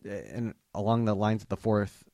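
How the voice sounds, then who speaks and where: A man co-hosting a casual film podcast who jokes around. He talks in halting bursts and often repeats words as he searches for what to say. The recording is close and dry. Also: lowish voice, dark tone, dry recording. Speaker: podcast co-host. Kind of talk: casual chat about movies.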